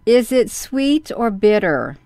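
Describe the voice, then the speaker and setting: A woman's voice: fairly high pitch, sing-song, slow pace, darkish tone, no room sound, studio quality, full character voice. A woman voicing a whining, stubborn wooden puppet boy in a storybook reading. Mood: whiny. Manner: whining, wailing protests.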